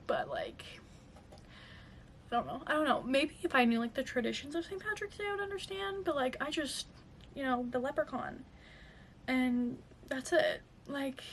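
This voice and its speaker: A woman's voice: sits high, a little hiss or hum. A young woman telling a casual storytime to her vlog audience, chatty and full of fillers. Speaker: vlogger.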